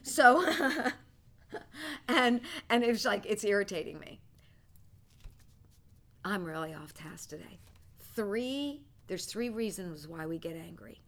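An older woman teaching a prophetic training class, telling a personal story and acting out her old thoughts with bursts of loud feeling. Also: medium pitch, takes it slowly, long pauses. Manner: animated storyteller, acts out her own past thoughts loudly. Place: classroom with students.

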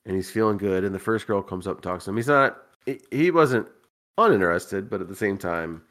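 Tipsy, low-voiced man rambling through a story. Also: expressive, a little fast, a bit bright. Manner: rambling, profane, giggly storyteller. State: tipsy from drinking. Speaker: podcast co-host. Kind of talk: casual storytelling chat.

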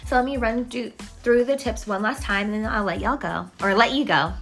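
Brief: higher-pitched woman, chatty podcast host, faint music behind. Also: creaky. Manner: lively, chatty, lists things quickly. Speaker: podcast host, brand designer. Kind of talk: casual solo podcast advice. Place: home office.

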